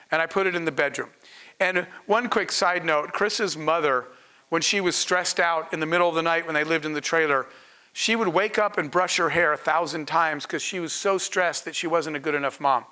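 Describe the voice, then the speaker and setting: A man's voice: fairly high pitch, bright, forceful tone. A man, a startup founder, telling a story to an audience in an earnest, conversational way with asides to the crowd. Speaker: startup founder speaking on a panel.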